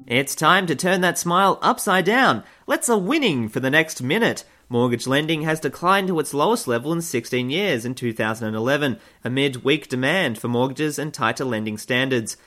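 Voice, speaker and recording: A man's voice: mid-range voice, sharp tone. A man hosting satirical news commentary, delivering figures straight and then cutting in with sarcastic, mock-cheerful jokes. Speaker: comedy news host.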